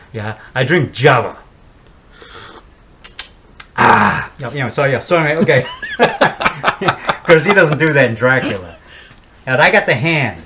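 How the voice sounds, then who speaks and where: A man's voice: medium pitch, sing-song, takes it slowly, long pauses. A man in a mid-range voice chatting casually as a guest, rambling from one thing to the next and stammering over repeated words. Faint noise sits under the recording. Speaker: guest, horror movie maker. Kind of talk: casual chat showing props.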